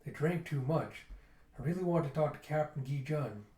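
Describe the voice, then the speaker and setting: A man reading as a gentle young princess. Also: fairly high pitch, animated, moderate pace, lightly acted. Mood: wistful. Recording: roomy echo.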